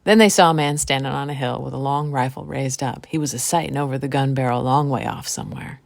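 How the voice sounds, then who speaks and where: A woman storyteller and podcast host telling an old folk tale in a relaxed, folksy way. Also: extremely low pitch, fast, vocal fry, dry recording, clean studio sound.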